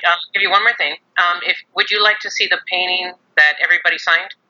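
Female psychologist guest, earnest and reflective, very bright sharp tone, muffled remote-call sound. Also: fairly low pitch, steady tone, fast. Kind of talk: casual interview chat.

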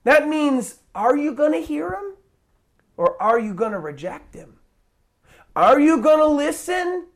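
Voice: sits high, very animated, measured pace. Urgent, pleading evangelistic preacher. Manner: restarts phrases often. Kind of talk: evangelistic sermon.

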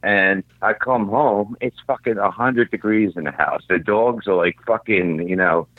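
A man telling a profane, animated rant in casual chat. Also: lowish voice, unhurried, no room sound. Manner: profane, ranting, animated storyteller. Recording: tinny phone-like line, dry.

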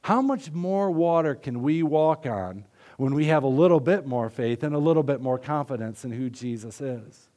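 A man's voice: mid-range voice, animated, normal speed. Man preaching an earnest sermon. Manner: earnest, conversational preaching with soft dips. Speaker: pastor.

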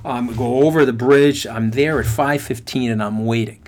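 A middle-aged man hosting a podcast, telling a motivational story in an animated, emphatic way and speaking straight to listeners. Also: medium pitch, normal speed, a little hiss or hum. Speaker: podcast host.

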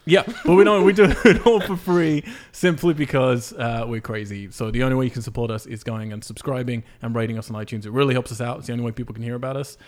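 Podcast host, male, mid pitch, rapid casual delivery. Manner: quick, laughing, swearing asides. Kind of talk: casual chat.

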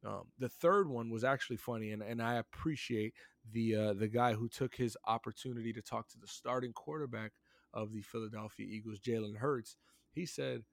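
Man, podcast co-host, gravelly voice, dry close sound, animated casual sports chat. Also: medium pitch, moderate pace, no echo. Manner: animated, joking, repeats himself.

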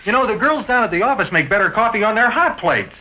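A grumbling husband in a 1960s ad. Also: male voice, high voice, very animated, quick pace, a little hiss or hum. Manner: blunt, grumbling. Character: grumpy husband complaining about coffee. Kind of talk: 1960s TV commercial acting. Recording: dull old TV ad audio.

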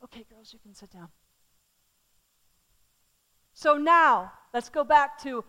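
A middle-aged woman preaching a sermon, swinging from loud calls to the crowd down to soft, hushed words. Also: high voice, unhurried. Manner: animated, shifting from loud calls to soft near-whispers.

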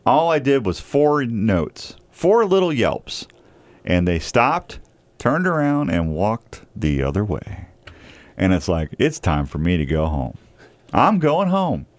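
Casual male radio host, low-pitched, rambling and jokey. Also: wildly swooping pitch, takes it slowly, dry recording. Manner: rambling, jokey, restarts often.

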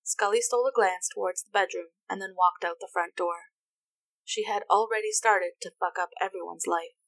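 Woman narrator, story reading, even, unhurried, dry close sound. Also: mid-range voice, no room sound. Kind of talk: reading fan fiction aloud.

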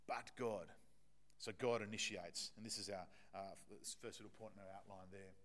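A man preaching a sermon to his congregation, talking in a conversational, emphatic way with frequent restarts and fillers. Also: lowish voice.

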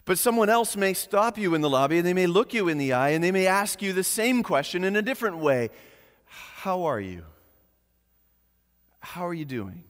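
Male pastor preaching, earnest, goes soft and slow on the big lines, bit of long reverb. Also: high voice, animated, clear, resonant tone. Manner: earnest, slows and softens on key phrases. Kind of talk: sermon.

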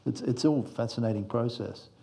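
A man's voice: mid-range voice, a little fast, gravelly, dark tone. A male screenwriter giving reflective, meandering interview answers, fond of analogies.

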